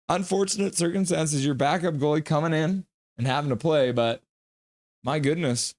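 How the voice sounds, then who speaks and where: A man's voice: on the high side, normal speed, no room sound, clean studio sound. A young man hosting a live reaction stream, joking with his chat and calling hockey play. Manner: joking, excitable, banters with chat.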